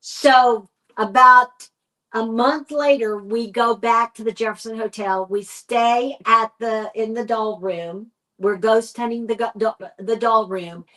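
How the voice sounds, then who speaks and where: A woman with a Texan accent, a paranormal investigator, telling a story in a podcast interview and acting out the quoted dialogue in an animated way. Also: fairly high pitch, takes it slowly, rough recording. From United States.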